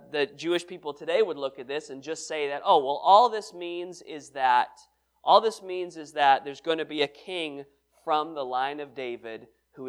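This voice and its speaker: A man's voice: on the high side, a bit bright. A man leading a Bible study sermon, reading scripture aloud and explaining it with questions to the room. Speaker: pastor.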